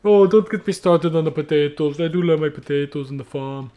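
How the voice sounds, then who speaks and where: A man voicing a cheerful, beer-loving Irish farmer in a put-on Irish accent, rambling loudly in a sing-song way. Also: fairly high pitch, a little fast, natural voice. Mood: jolly tipsy.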